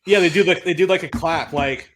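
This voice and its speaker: A man's voice: a little high, brisk, background noise. A man co-hosting a wrestling podcast, recapping an old episode in a blunt, exasperated, often profane way. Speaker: podcast co-host. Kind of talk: casual chat recapping wrestling.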